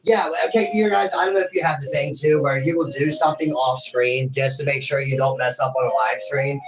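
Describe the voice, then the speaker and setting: A man's voice: medium pitch, steady tone, fairly quick. Rambling apologetic man, game music behind. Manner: apologetic, rambling, addresses viewers as guys; casual swearing. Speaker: gaming host. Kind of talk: let's-play commentary.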